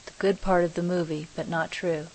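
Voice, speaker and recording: A middle-aged woman giving a reflective spiritual talk, speaking slowly and softly with many pauses. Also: on the low side, steady tone, rough recording. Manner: slow, soft, pausing and searching for words. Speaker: spiritual teacher.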